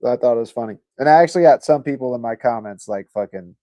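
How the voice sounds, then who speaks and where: A man's voice: medium pitch, quick pace, hardly any pauses, mellow, no room sound. A man hosting a livestream, chatting casually and reading viewer comments, rambling, joking and swearing a lot. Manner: laid-back and rambling. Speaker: livestream host.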